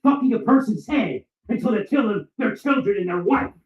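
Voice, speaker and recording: A man delivering a furious, profane ranting monologue and often shouting. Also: high-pitched, lively intonation, a little fast. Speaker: vlogger. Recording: echoey, distant, dull sound.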